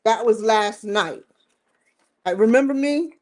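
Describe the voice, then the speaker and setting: A woman's voice: a little high, a little slow, a little mellow. A woman hosting her own livestream show, rambling and joking between topics, often breaking into laughter. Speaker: host. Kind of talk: casual livestream chat.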